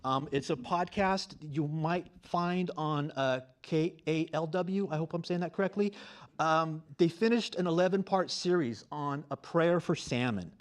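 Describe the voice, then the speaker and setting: Man, fifties, slightly raised pitch; emotional award winner, stumbling and fighting back tears. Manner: halting, full of fillers, earnest. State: on the verge of tears. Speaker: award winner and graduate student. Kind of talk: emotional acceptance speech. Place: on stage at a campus award show.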